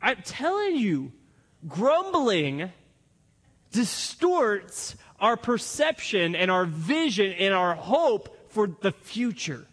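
High, lively male pastor preaching. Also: slow, slightly rough, in a large hall. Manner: animated, acts out the characters' lines. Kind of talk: sermon.

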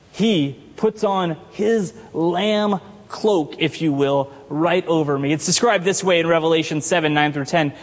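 A man preaching a sermon in a church, his voice pitched high above most men's. He keeps it conversational, asking the congregation questions as he goes. The sound rings with the long reverb of the sanctuary. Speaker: pastor.

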